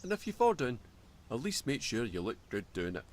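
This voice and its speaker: A man voicing a gruff, hearty mountaineer in a game who teases and warns a climber. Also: mid-range voice, sing-song, a little fast, lightly acted. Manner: hearty, teasing warnings.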